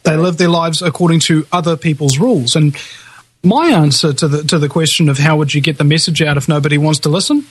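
A man's voice: fairly high pitch, quick pace, slightly rough. A male guest in a casual talk show conversation, opinionated and hesitant at the starts of his thoughts.

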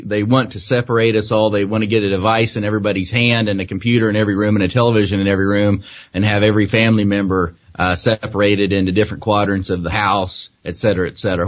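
Low-voiced laid-back man. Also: lo-fi sound. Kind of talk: casual podcast chat.

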